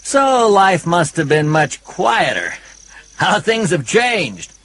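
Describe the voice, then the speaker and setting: Brief: a man as a polite young pilot, slightly higher, breathy, lively delivery. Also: slow pace, exaggerated voice. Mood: friendly. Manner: courteous and lightly joking.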